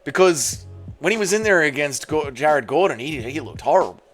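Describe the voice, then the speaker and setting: A man's voice: a little high, expressive, normal speed, fairly bright tone, faint music behind. A man hosting his own MMA channel, ranking fighters in a joking, irreverent rant that often trails off and restarts. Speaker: MMA commentary host.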